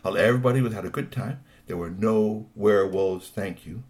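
A man telling a children's story in a playful, animated way, with lots of asides. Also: lowish voice, normal speed.

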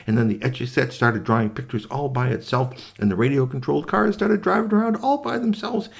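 A man telling a made-up bedtime story to children, gentle and animated, adding sound effects and voices. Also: medium pitch, fairly quick, gravelly.

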